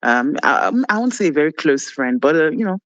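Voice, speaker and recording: A man talking as a podcast guest, who shares life lessons and tells a story in a reflective, unhurried way. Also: a little high, animated, a bit bright, no echo, muffled recording. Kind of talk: casual interview chat.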